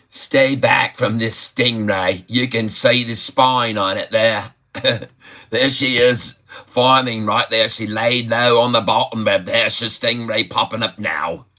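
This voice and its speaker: A man putting on a rough Australian accent, hearty and laughing, calling his listeners mates and blokes. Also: mid-range voice, steady tone, extremely slow, long pauses, darkish tone. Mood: hammy.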